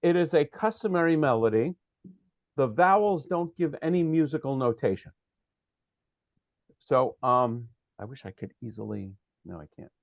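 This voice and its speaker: A man's voice: medium pitch, lively intonation, moderate pace, no room sound, highs cut off. A man teaching a prayer study class over a video call, patiently explaining Hebrew text and checking that his students follow.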